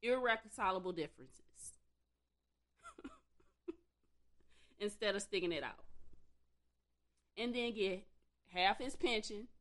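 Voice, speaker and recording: A woman's voice: mid-range voice, animated, takes it slowly, pauses often, fairly bright tone. A woman ranting bluntly and profanely in a casual commentary, exasperated and swearing freely.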